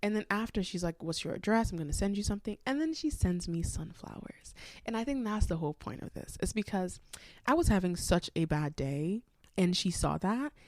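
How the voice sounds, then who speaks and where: A young woman hosting a solo podcast, congested from a cold, telling a rambling, animated personal story. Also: lowish voice, normal speed, no echo, studio quality. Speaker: podcast host.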